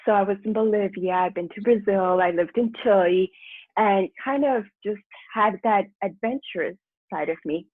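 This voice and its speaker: In a candid storytelling interview, a woman guest who works as a personal transformation mentor recounts her life story chattily, often laughing and acting out her own past thoughts. Her voice is medium-pitched at a normal speed, heard over a dry, phone-like line.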